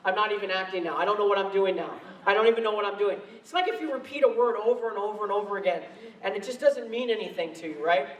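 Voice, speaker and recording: This storytelling convention talk comes from a man with a high-sitting voice and a quick pace, picked up at a distance. Holding a handheld mic on stage, he shares amused, self-mocking anecdotes, and the hall around him echoes.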